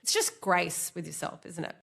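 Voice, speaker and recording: A woman's voice: fairly low pitch, animated, normal speed, creaky. A woman hosting a podcast interview, sounding nasal from a cold, chatting casually and thanking her guest. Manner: chatty, warm thanks, laughs easily. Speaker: podcast host.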